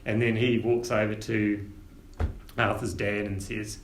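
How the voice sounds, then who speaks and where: A man narrating a tabletop game as game master, relaxed and a little halting. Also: fairly low pitch. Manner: easygoing, hesitant storyteller. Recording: echoey room, faint hiss.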